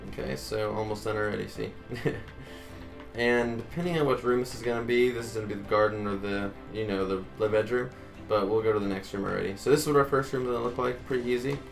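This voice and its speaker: Man, tutorial host, chatty, low pitch, faint music underneath. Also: fast, gravelly, hardly any pauses. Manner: chatty, addresses viewers as guys, counts blocks aloud. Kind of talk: casual building tutorial narration.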